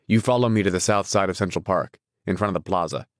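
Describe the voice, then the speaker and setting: A man's voice: deep voice, fast talker, no echo, studio quality, lightly acted. A man voicing a brusque, impatient wealthy husband in a storybook reading, blunt and curt.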